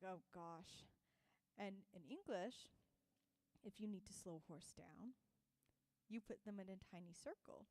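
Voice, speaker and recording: A woman's voice: a little high, dry recording. A young woman, a singer-songwriter, telling a self-mocking story between songs and laughing as she goes. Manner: animated, self-mocking anecdote told with laughs.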